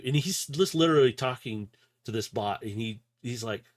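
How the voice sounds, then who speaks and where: A man's voice: mid-range voice, normal speed. A man running a tabletop game as game master, narrating loosely with fillers, sounding a bit unwell. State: unwell, coughing.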